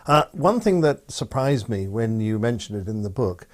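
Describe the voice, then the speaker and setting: Male host, mid-pitched voice, polite prompting questions. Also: big pitch swings, moderate pace. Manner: polite, prompting, hesitant fillers. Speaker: podcast host interviewer. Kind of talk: interview questions.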